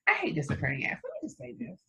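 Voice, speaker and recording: A woman's voice: racing, vocal fry, poor audio. A woman co-hosting a casual dating talk show, teasing and dry-humored. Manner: playful, dry teasing with lively swings in pitch. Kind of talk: casual chat.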